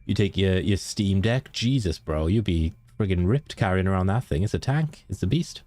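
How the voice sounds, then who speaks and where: A man's voice: low-pitched, expressive, moderate pace, warm tone, no room sound. A man with a Welsh accent, a game streamer chatting casually and jokingly with his viewers. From Wales. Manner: chatty, joking, laughs easily. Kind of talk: casual chat with viewers while gaming.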